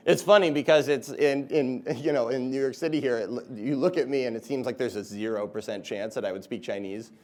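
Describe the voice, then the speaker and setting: A man's voice: mid-range voice, darkish tone. A man, a comedian, giving a chatty, upbeat talk to students, with many "like"s and "you know"s. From United States. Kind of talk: casual lively presentation.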